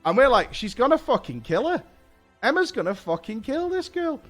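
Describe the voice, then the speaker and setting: A man chats to his stream audience in a high, very lively voice, telling a story and acting out the people in it. He swears freely as he goes. Faint music plays softly behind him. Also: normal speed. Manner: animated, swears a lot, acts out quotes. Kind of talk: casual storytelling to stream chat.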